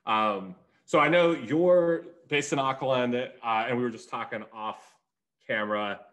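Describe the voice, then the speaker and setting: A man's voice: mid-range voice, a little slow, a bit bright. A man hosting a podcast, casual and self-deprecating, with hesitant fillers. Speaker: podcast host. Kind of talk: casual interview chat.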